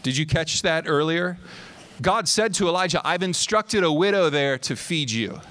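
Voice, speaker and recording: A young man preaching a sermon to a group, animated and storytelling, acting out the quotes and building to near-shouting peaks. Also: on the high side, moderate pace.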